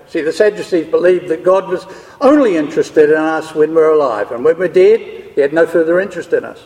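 A man's voice: fairly high pitch, animated, brisk, mellow. A man teaching a Bible class, explaining ideas step by step and checking in with his listeners. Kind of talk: scripture lecture to a class. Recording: long hall reverb.

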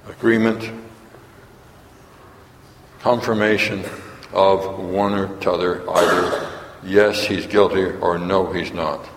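A man delivers a sermon at an unhurried, deliberate pace. His voice rings out with a long hall reverb around it. He often puts questions to the listeners and acts out the lines he quotes. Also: lowish voice, a little hiss or hum. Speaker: preacher.

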